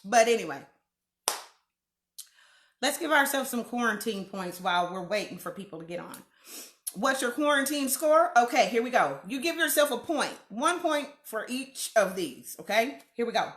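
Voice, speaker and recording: A woman's voice: on the high side, animated, normal speed, a bit bright. A woman hosting a casual live stream from home, greeting viewers by name and laughing often. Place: room at home. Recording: echoey room.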